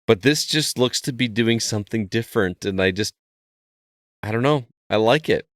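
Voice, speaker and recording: Really deep-voiced guy, laid back, runs the podcast chat, dry sound. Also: normal speed, fairly bright tone, no room sound. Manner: easygoing, leads the talk. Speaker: podcast co-host. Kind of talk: casual chat.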